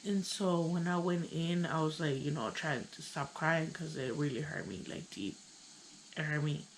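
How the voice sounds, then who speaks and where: A young woman with a Chicano English accent, telling a personal story in a casual, halting way, full of "like" and "you know". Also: sits low, a little hiss or hum, rough recording. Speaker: vlogger.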